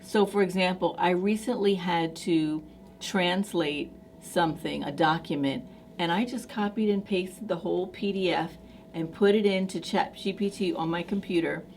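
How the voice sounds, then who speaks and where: A woman's voice: lowish voice, normal speed, a little mellow, slight background noise. A woman vlogger chatting casually to camera in an effusive, enthusiastic way, with many fillers.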